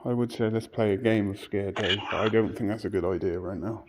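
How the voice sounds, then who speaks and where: A man investigating alone in an old church, speaking in an earnest, hushed voice and calling out questions to the spirits. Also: lowish voice, fairly even intonation, a little fast, slight background noise. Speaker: paranormal investigator. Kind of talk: solo ghost-hunting vlog. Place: inside an old church at night.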